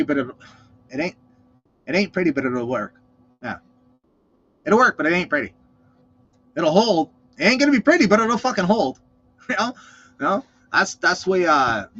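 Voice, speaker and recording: A man's voice: fairly high pitch, fairly bright tone, a little hiss or hum. A man hosting a casual reaction vlog, rambling and swearing constantly. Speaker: vlog host. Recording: lo-fi dull sound.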